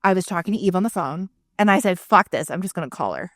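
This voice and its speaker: A woman's voice: lowish voice, fast, no room sound, studio quality. A woman in her thirties co-hosting a podcast, telling a personal story candidly and with frequent swearing. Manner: frank, swears freely, animated retelling. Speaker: podcast co-host.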